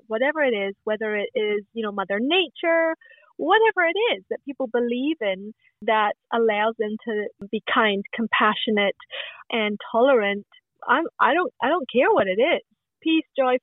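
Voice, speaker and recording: A woman's voice: on the high side, no room sound. A woman in her thirties from Scotland, talking openly and chattily as a podcast guest, with many restarts. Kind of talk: casual podcast conversation. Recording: tinny phone line, dry.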